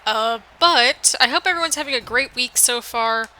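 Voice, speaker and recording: A woman's voice: fairly high pitch, moderate pace, bright, forceful tone, slight background noise, poor audio. An American woman with a mixed northern, midwestern and southern accent, giving chatty, rambling play-by-play commentary over a video game. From United States. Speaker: gaming channel host.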